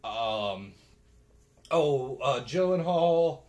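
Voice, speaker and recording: A man's voice: mid-range voice, expressive, very slow, a little mellow. A young man co-hosting a casual movie review chat, blunt and joking. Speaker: podcast co-host.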